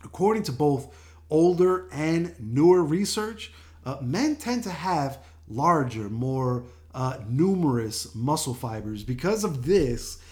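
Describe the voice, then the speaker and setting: An older man talks through a casual health show, chatty and easygoing, laughing often between fillers and restarts. His voice sits a little higher than most men's. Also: very animated, takes it slowly, a little mellow. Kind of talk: casual talk-show monologue.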